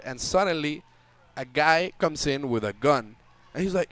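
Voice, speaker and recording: A young man, a tournament player, telling an animated story to a chat audience and acting out the voices in it. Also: medium pitch, a little slow, clean tone. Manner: lively, acts out voices in the story. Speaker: interview guest, tournament player.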